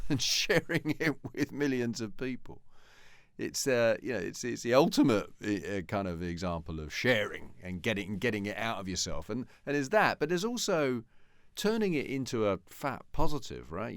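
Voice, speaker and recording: A man's voice: on the low side, no room sound, studio quality. A man hosting a podcast, asking thoughtful questions with frequent restarts and tag questions. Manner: thoughtful, restarts mid-sentence, leans on "right?". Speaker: podcast host. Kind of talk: interview questions.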